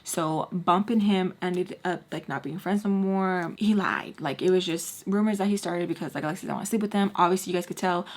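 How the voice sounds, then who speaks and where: A woman vlogger telling a long personal story in a casual, chatty way, full of "like" and quick acted-out lines from other people. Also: on the low side, fairly even intonation. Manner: chatty, heavy use of filler "like". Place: home setup while doing makeup.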